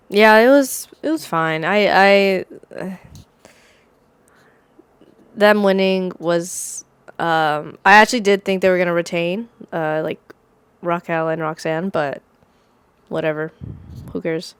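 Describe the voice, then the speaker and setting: A woman's voice: lowish voice, clean tone, no room sound. A woman co-hosting a casual chat, talking bluntly with many halts and fillers. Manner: blunt, halting, full of fillers. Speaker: podcast co-host.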